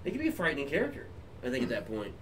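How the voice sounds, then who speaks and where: A man's voice: medium pitch, huge pitch swings, racing. A man hosting a podcast, chatting casually, joking and swearing, sometimes doing silly voices. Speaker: podcast host. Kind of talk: casual chat. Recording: distant mic with faint background noise.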